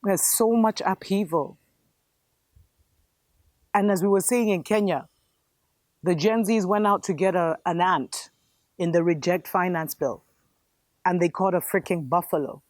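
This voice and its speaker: A woman's voice: on the low side, unhurried, pauses often, a little mellow, no echo. A woman host giving an impassioned spiritual commentary monologue, fervent and preachy, calling her viewers family.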